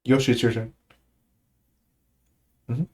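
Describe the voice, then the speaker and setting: A man's voice: medium pitch, flat delivery, takes it slowly, a little mellow. A man leading a casual language study session, patiently explaining grammar while thinking aloud with frequent fillers and restarts, and giving short praise to learners. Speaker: study group leader teaching Tongan.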